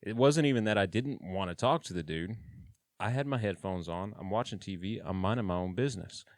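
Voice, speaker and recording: A man's voice: lowish voice, brisk, dry recording, clean studio sound. A man casually telling his own story in a blunt, plain-spoken way, with swearing and slang.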